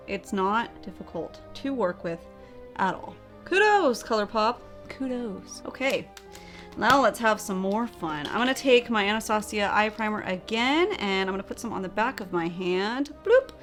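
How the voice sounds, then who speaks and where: A woman's voice: mid-range voice, expressive, normal speed, fairly bright tone, faint music behind. A young woman narrating a makeup tutorial, bubbly and chatty, with playful sound effects as she works. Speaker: beauty vlogger.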